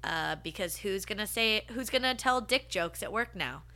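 A woman's voice: mid-range voice, lively intonation, normal speed, pushed and bright. A woman co-hosting a podcast, chatting casually, swearing freely and filling her talk with "like" and "um.". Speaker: podcast co-host.

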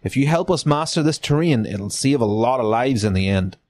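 A calm, persuasive Confederate officer with a soft, slow Southern drawl, as a man puts him on. He coaxes rather than barks. It's a character voice in a gamebook read-aloud. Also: medium pitch, close to an everyday voice. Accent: Southern US, put on.

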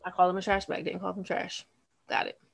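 A woman's voice: fairly low pitch, little pitch movement, quick pace, creaky. A woman co-hosting a casual talk show, blunt and candid, laughing as she talks. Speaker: podcast co-host. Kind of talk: casual chat.

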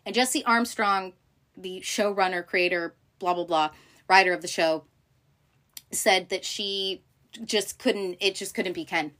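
A woman hosting a casual recap, talking in an animated, profane way with many fillers and acted-out quotes. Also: medium pitch, unhurried. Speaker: podcast host recapping a TV show. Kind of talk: casual chat.

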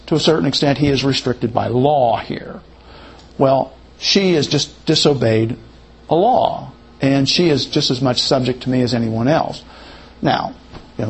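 A man with a husky, slightly breathy voice at an ordinary middle pitch, teaching a Bible passage verse by verse. He reads a verse, then thinks it through aloud in an unhurried, hedging way, weighing different readings. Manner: reads verses aloud, then muses on them with many hedges.

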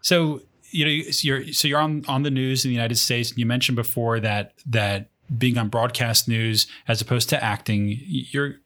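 A male podcast host with a bright, forceful voice who asks his guest questions in a relaxed, conversational way. His voice sits mid-range in pitch. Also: moderate pace, few pauses. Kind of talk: podcast interview.

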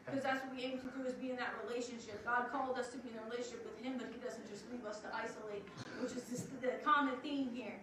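A woman with a high voice gives an earnest, emphatic testimony, pausing to let her words land. She is heard from well off the mic in a big, very echoey hall. A steady noise sits under her voice. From Long Island, New York. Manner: earnest, emphatic, with drawn-out pauses. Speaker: program assistant director giving testimony. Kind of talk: spoken testimony to a congregation. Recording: very echoey hall, distant, noisy.

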